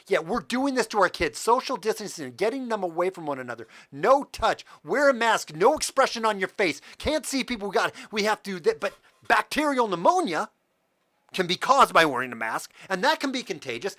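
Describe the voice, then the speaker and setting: A man's voice: sits high, very animated, a little fast, pushed and bright, no room sound. A man hosting a livestream, ranting in heated, profane commentary and talking straight to his viewers. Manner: talks to the chat directly. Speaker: livestream host.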